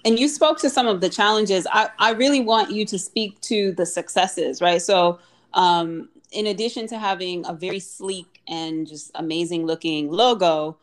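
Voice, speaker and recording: Host role: woman, encouraging and affirming, lowish voice. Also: normal speed. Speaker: interview host. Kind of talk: conversational interview.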